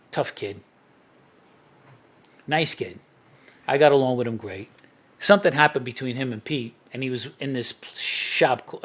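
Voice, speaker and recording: A middle-aged man, a podcast guest, telling street stories in a casual interview and laughing at his own anecdotes. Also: medium pitch.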